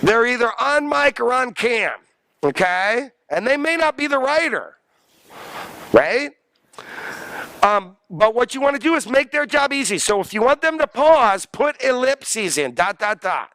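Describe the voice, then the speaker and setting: Animated, high-voiced male lecturer. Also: measured pace. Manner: animated, jokey, asks the class questions. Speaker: college lecturer. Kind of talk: classroom lecture.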